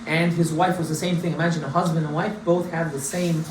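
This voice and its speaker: A man, a rabbi, giving an informal Torah class with animated storytelling, swinging his pitch and loudness for emphasis. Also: fairly quick, roomy sound, far from the mic, background noise. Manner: talks to class, asides to listeners.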